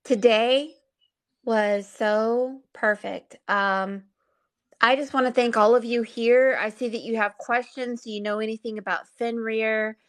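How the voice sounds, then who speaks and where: A woman's voice: a little high, fairly even intonation, measured pace. Affectionate chatty woman reader. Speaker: psychic reader and guest. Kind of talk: casual livestream chat.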